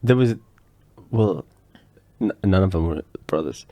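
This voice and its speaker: Teasing man, lively low voice. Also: measured pace, dry recording. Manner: teasing, playful banter. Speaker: podcast co-host. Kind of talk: casual chat.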